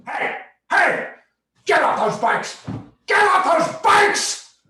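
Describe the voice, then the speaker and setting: A man playing a furious, armed male park ranger who shouts orders, recorded from afar on a stage. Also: very high voice, sing-song, a little slow, voice pushed up, heavily acted. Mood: furious shouting. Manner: shouting, strained. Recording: echoey theatre, distant mic.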